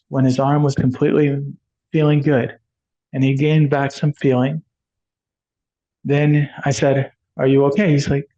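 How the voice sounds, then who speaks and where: Rambling man with a higher voice. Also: darkish tone. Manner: rambling, enthusiastic, acts out dialogue. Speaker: energy healer telling his story. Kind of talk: casual storytelling monologue. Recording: dull lo-fi sound.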